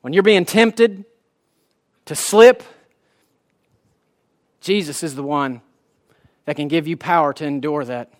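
High-voiced preacher man. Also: slow pace, pauses often. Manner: impassioned, folksy preaching. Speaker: pastor. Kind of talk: sermon.

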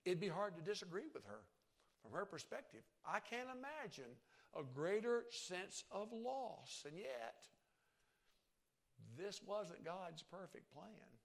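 Male preacher, sermon delivery, fairly high with a gravelly edge, soft-to-loud swings. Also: big pitch swings, measured pace.

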